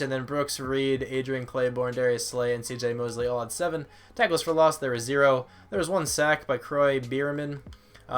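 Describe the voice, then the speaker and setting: A gaming YouTuber with a medium-pitched, slightly bright voice gives casual, rambling commentary on a football video game. He's a tired young man who reads out stats, makes self-deprecating remarks, and sometimes cracks his voice.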